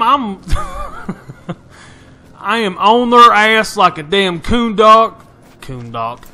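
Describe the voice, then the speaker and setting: A man's voice: sits high, sharp tone, a little hiss or hum. Brash, profane sounding gamer man. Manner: brash, profane, folksy trash talk. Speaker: gaming YouTuber. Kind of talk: game commentary.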